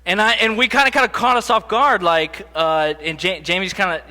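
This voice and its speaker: Young man, conference speaker, fairly high voice, bright tone, storytelling, self-deprecating, long hall reverb. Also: fairly even intonation, brisk. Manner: conversational, self-deprecating humor. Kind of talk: storytelling keynote talk.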